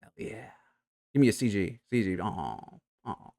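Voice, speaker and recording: A man hosting a let's play, making excitable, joking asides during casual gameplay commentary. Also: on the low side, moderate pace, vocal fry.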